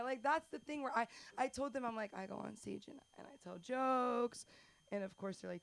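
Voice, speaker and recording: A woman's voice: on the high side, moderate pace, vocal fry. A woman doing stand-up at an open mic, chatty and rambling, poking fun at herself as she hosts. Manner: chatty, rambling, self-deprecating. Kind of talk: stand-up comedy. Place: small comedy club stage.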